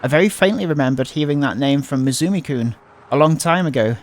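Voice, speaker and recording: A man with a voice on the high side reads a visual novel aloud fast, dramatically playing the panicky narrator with stumbles and fearful outbursts. There's slight background noise.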